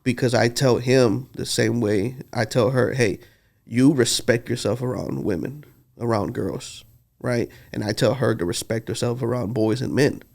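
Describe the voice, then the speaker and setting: Earnest man with a gravelly voice. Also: mid-range voice, moderate pace, darkish tone. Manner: earnest, heartfelt storytelling. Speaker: podcast co-host. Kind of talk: casual podcast conversation.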